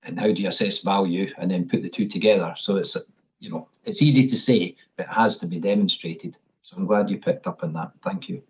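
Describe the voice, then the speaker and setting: A man, a landlord objecting at a formal meeting, speaking in a measured way with hesitant restarts. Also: low-pitched, fairly even intonation, slight background noise. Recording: dull lo-fi audio.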